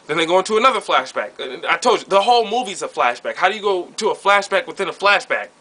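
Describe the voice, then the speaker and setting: Male reviewer, high and sharp voice, sarcastic rambling movie rant. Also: lively intonation, fast talker.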